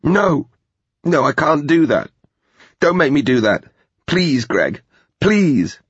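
A man voicing a terrified, injured young woman who pleads in a high, shaky voice. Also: very animated, slow, slightly rough, dry recording, exaggerated voice. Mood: pleading. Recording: dull, slightly lo-fi recording.

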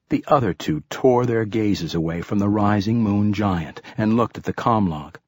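A man narrating a first-person audiobook in a steady, even storytelling manner. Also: on the low side, normal speed, few pauses, dry recording.

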